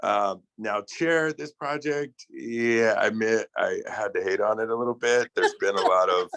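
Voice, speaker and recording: A man's voice: lowish voice, normal speed, fairly bright tone, dry recording. A man co-hosting a podcast over a video call, talking in a loose, joking way with lots of fillers. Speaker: podcast co-host. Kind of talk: casual chat.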